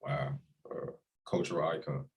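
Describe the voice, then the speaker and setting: A man's voice: a bass voice, steady tone, a little slow, rough recording. A young man, a college quarterback, talking with emotion and reflection as a guest in a casual interview. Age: young adult. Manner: heartfelt, reflective, speaks with emotion.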